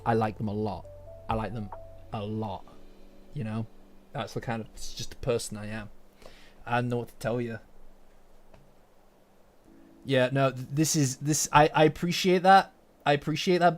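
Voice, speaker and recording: A British man chatting casually to his stream audience, rambling, swearing and getting worked up. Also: medium pitch. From Britain. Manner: rambling, profane, quickly agitated. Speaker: anime commentator. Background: faint lo-fi music.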